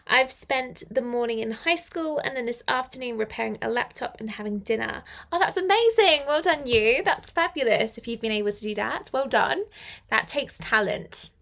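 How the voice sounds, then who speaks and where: A woman's voice: a little high, normal speed, gravelly, fairly bright tone. Cheerful woman teaching English. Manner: chatty and encouraging, reads viewers' comments aloud. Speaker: English teacher hosting a live class. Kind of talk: live-stream English lesson.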